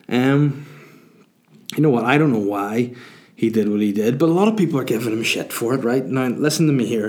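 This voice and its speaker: Chatty podcast host, lowish voice. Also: male voice, moderate pace, a little mellow. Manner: rambling, chatty, swears freely, laughs easily. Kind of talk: casual solo podcast chat.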